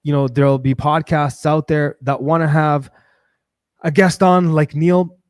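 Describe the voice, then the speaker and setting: A man hosting his own livestream, talking in a rambling, animated way, full of fillers and restarts. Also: a little high, measured pace, clear, resonant tone, dry recording, clean studio sound. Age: adult with a daughter. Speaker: livestream host. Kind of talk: casual livestream monologue.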